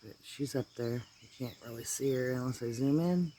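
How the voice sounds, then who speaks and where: A man's voice: medium pitch, normal speed, mellow, a little hiss or hum. A man with an allergy-stuffed voice chatting casually and rambling while filming outdoors in his garden on a phone. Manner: rambling, easygoing, drifts into asides. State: congested from allergies. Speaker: vlogger. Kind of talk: casual chat.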